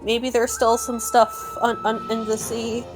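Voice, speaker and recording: A woman's voice: fairly high pitch, completely flat delivery, a little slow, music in the background. A woman playing a tabletop role-playing game, giggly and casual, swearing freely. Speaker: player.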